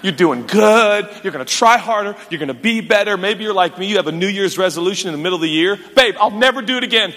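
A man preaching a sermon in a church, animated and self-mocking, with quick asides. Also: high-pitched. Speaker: pastor. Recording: echoey church hall.

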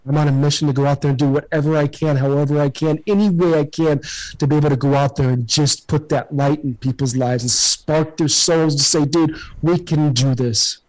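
A man's voice: fairly high pitch, a little mellow, rough recording. Earnest, emphatic man telling his story. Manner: earnest and emphatic, repeats words when fired up. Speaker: podcast guest, former pro baseball player. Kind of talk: emotional motivational storytelling.

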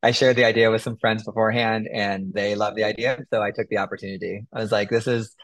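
A man's voice: on the low side, fast talker. A man being interviewed about writing his first book, telling the story with frequent laughter. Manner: laughs often, animated storytelling. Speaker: author guest. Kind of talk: casual interview conversation.

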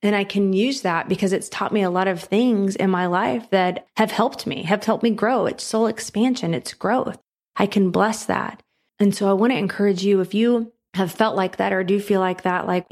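A woman's voice: mid-range voice, normal speed, darkish tone. A woman hosting a motivational podcast, speaking earnestly and encouragingly and repeating phrases for emphasis. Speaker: podcast host.

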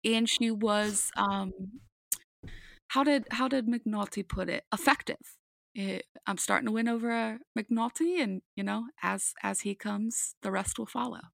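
A woman's voice: on the high side, a little slow, gravelly, fairly bright tone, dry recording, clean studio sound. A woman co-hosting a podcast, chatting casually about a game with frequent ums and restarts. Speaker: podcast co-host. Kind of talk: casual sports chat.

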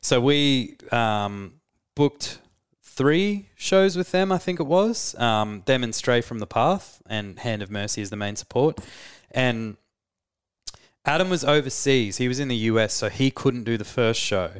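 A man, co-hosting a podcast and telling a tour story in a relaxed way, full of fillers. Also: mid-range voice, a little slow, smooth. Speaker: podcast co-host, band musician. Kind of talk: casual storytelling chat.

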